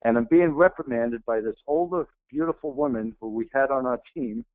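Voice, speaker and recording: A man's voice: medium pitch, normal speed, dry recording. A middle-aged man giving an earnest, emphatic motivational talk as a guest speaker. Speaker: guest speaker, retired Navy SEAL. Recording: tinny phone-like, dry.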